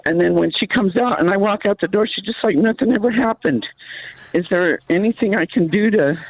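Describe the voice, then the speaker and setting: A woman caller from New Mexico comes through a tinny, dry phone line. She asks her question in a plain, slightly hesitant way. Her voice sits at a middle pitch. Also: fairly quick, husky, no echo.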